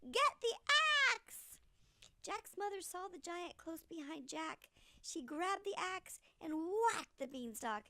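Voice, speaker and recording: An older woman reading a children's story aloud, slow and animated, with a gravelly voice. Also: extremely high pitch, no room sound.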